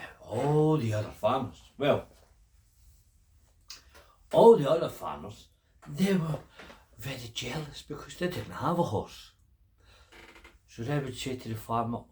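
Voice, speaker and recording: A man's voice: mid-range voice, normal speed, long pauses. An older man telling a folk tale as a grandfather-style storyteller, repeating words for effect. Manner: animated, repetitive storytelling.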